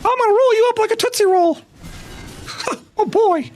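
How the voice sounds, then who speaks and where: A man voicing a cheerful male cartoon mouse in a high falsetto, giddy and exclamatory. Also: normal speed, darkish tone, faint music behind.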